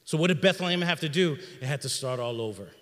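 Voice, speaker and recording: A middle-aged man preaching a sermon in a church sanctuary, in an energetic, conversational style with slang. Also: on the high side, fast talker, in a large hall. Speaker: pastor.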